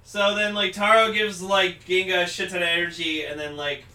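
A young man with a bright, forceful voice, sitting a little back from the mic in an echoey room. He talks casually with lots of fillers and gets excitable, acting out lines as he retells a story. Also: high-pitched, moderate pace, distant mic. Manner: excitable, lots of fillers, acts out quotes loudly. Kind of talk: casual podcast chat.

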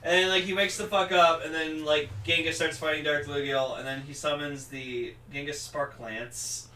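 A young man with a bright, forceful voice, sitting a little back from the mic in an echoey room. He talks casually with lots of fillers and gets excitable, acting out lines as he retells a story. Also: a little high, normal speed, far from the mic, slight background noise. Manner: excitable, lots of fillers, acts out quotes loudly. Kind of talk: casual podcast chat.

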